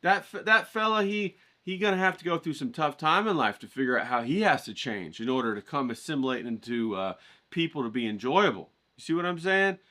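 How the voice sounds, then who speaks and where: A man giving a casual, profane pep talk on his art vlog, energetic and full of "you know"s. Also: fairly high pitch, a little fast. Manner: energetic, swearing, pumped-up, lots of "you know". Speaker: art vlogger.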